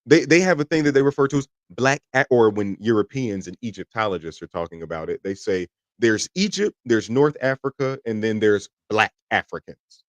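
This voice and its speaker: A man co-hosting a casual podcast discussion, talking in an animated, emphatic way and swearing freely. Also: fairly low pitch, a little fast, dry recording. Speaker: podcast co-host.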